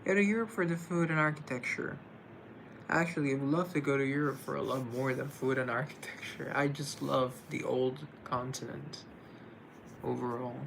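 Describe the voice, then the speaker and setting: A man's voice: medium pitch, fairly even intonation, normal speed, vocal fry, a bit bright, a little hiss or hum. A man hosting a casual livestream, answering viewer comments with a playful, joking manner. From United States. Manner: playful, joking, talks to himself. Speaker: livestream host.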